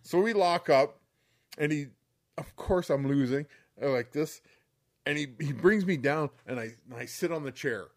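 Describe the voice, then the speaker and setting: A man co-hosting a podcast, telling a story in an animated, profane way with frequent laughter, close to the mic. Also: fairly high pitch, normal speed, dry recording. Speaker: podcast co-host. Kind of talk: casual storytelling.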